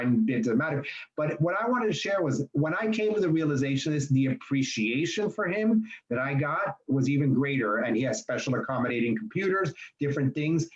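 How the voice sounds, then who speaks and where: A man's voice: mid-range voice, reverberant, dull audio. A man, a bank manager on a webinar panel, telling a story in a conversational way full of restarts and fillers over a video call.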